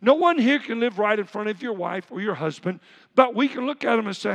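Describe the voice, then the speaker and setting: High gravelly male preacher in a hall. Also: expressive, normal speed. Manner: conversational preaching, acts out everyday quotes. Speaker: pastor. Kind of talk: sermon. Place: church sanctuary. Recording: reverberant church hall.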